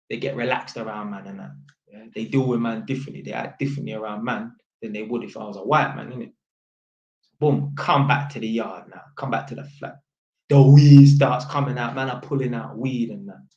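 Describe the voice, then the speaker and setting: A man's voice: mid-range voice, roomy sound, lo-fi sound. A young man telling a story in casual slang, acting out the voices of the people in it. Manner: animated, acts out voices, heavy London slang.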